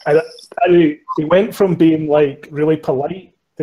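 A man's voice: on the high side, steady tone, normal speed, warm tone, slightly rough, low-quality recording. A man with a Scottish accent, a podcaster guest telling stories in casual chat, swearing freely and laughing at himself. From Scotland. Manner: swears freely, laughs often, self-mocking storyteller.

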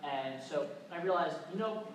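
A young man from Tennessee, slightly high-voiced, talks loosely through a convention presentation with plenty of "uh"s and restarts. He is captured from across a very echoey room, with steady background noise under his voice. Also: normal speed, far from the mic. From Tennessee, USA. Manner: loose and chatty, many filler "uh"s and restarts. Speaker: convention panel speaker. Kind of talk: casual presentation.

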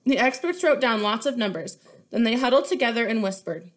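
A woman's voice: fairly high pitch, brisk. Woman reading a picture book aloud. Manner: expressive and clear, showing pages. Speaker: storyteller.

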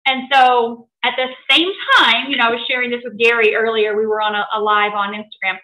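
A middle-aged woman telling a personal story to an audience in an animated way, often laughing. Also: fairly high pitch, a little fast, echoey room, poor audio. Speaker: presenter.

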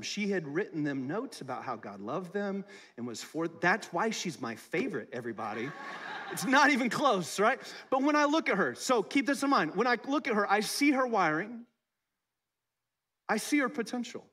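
High-voiced pastor preaching casually. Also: male voice, big pitch swings, normal speed, sharp tone, husky. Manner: conversational, playful, talks to the congregation. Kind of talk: sermon. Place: church service.

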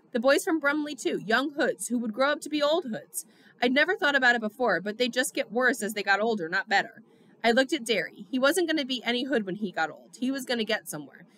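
Bright-voiced woman reading a novel aloud. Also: fairly high pitch. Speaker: audiobook reader. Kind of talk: first-person novel narration.

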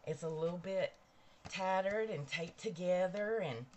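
A woman's voice: fairly low pitch, measured pace, a little mellow, slight background noise. Bubbly woman hosting a live stream. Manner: chatty, bubbly, greets viewers by name. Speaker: livestream host. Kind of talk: casual live-stream chat. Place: bedroom at home.

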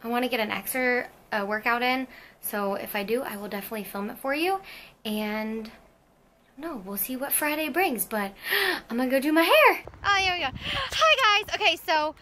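Young woman fitness vlogger, high and excitable, gushing, casual to camera. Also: normal speed, slight background noise. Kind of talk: casual vlog.

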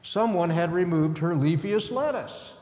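A male pastor telling a story to children during a service, gently, with asides. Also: sits high, expressive, a little slow. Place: church sanctuary. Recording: echoey church sanctuary.

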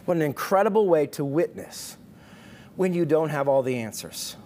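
A male pastor delivering an online sermon in an animated, emphatic and playful way. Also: on the high side, moderate pace, a little hiss or hum.

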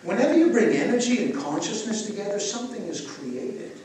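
Man leading a breathing session, joking around with the crowd, high voice, really echoey and far from the mic. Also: fairly quick. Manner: playful, jokey asides between calm guided instructions. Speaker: breathwork teacher. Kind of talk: guided breathing talk to a live audience. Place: live festival session. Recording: echoey, distant room recording with noise.

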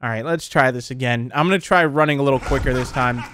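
A man commentating a horror game, jumpy and excitable, with quick exclamations and frequent laughs. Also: mid-range voice. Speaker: gaming commentator.

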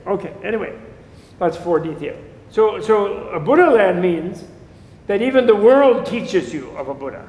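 A man teaches a class on Buddhism, wandering off on jokey tangents and chuckling along the way. His voice sits fairly high. The room is echoey and the sound lingers with a long tail. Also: lively intonation, normal speed, a little mellow. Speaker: lecturer on Buddhism. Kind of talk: casual lecture to a class.

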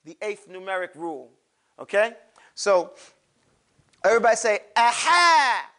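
A man's voice: high voice, moderate pace, fairly bright tone. A man teaching a classroom lesson on pronouncing letters for Quran recitation, animatedly drilling his class to repeat sounds aloud.

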